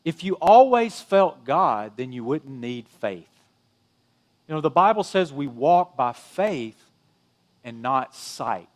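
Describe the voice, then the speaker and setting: A middle-aged man preaching a sermon in a conversational way, swinging between emphatic peaks and hushed drops. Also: mid-range voice, sing-song, slow pace. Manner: conversational preaching, rising and dropping emphasis, frequent "you know". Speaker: pastor.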